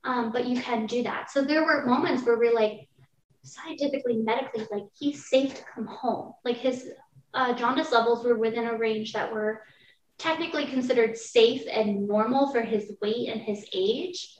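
A woman's voice: a little high, moderate pace. Young woman, roomy distant podcast mic. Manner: candid, vivid storytelling with frequent fillers. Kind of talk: casual podcast conversation.

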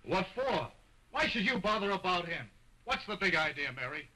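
An actor playing a jealous young stage performer who confronts and questions suspiciously, in 1920s early talkie acting. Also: male voice, sits high, big pitch swings, normal speed, pushed and bright, full character voice, low-quality recording.

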